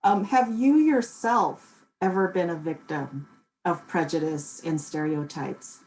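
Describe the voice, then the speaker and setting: A woman moderator thanking the panelists and asking questions in a measured, formal way. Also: fairly low pitch, a little mellow, a little hiss or hum, poor audio.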